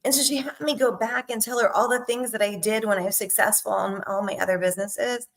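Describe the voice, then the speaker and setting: A middle-aged woman sales coach talking casually to her viewers, animated and emphatic, with frequent "right?" and "okay?" asides. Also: on the high side, fast talker. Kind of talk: casual talk to camera.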